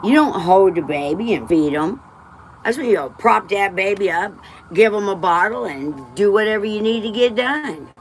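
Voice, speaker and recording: A woman from West Texas talks straight to her livestream. Her voice sits at a middling pitch, and she is blunt and emotional, swears freely and wanders off topic mid-story. Faint background noise runs underneath. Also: expressive, moderate pace. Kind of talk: rambling personal storytelling.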